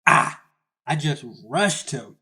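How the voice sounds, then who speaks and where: Young male storyteller, slightly raised pitch, casual slangy self-deprecating comic narration. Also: a little slow.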